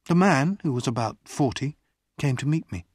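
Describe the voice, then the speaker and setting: An audiobook reader narrates a first-person story slowly and carefully for English learners. The voice is husky and lively in pitch, recorded dry and close with no room sound. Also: no echo. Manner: slow, careful, expressive reading.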